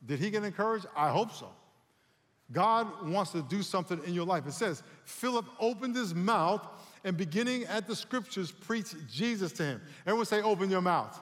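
Pastor guy preaching, lively and calling for amens, big echoey hall. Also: high-pitched, moderate pace. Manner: animated preaching, calls for audience responses. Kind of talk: sermon.

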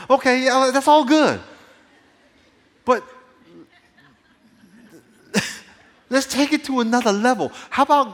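A man preaching a sermon, telling animated stories and cracking playful jokes to his congregation. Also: very high voice, measured pace, pauses often. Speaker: pastor. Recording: long hall reverb.

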